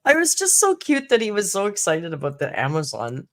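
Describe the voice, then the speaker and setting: With a mid-range, fairly bright voice and huge pitch swings, a woman talks fairly quickly while hosting a casual live stream. As a YouTube commentary host she tells chatty stories, laughs often, and acts out what others said.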